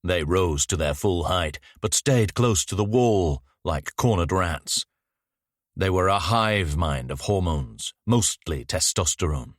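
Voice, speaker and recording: Brief: male audiobook narrator, very low voice, expressive pitch, measured storytelling. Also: no room sound, clean studio sound. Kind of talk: scripted narration.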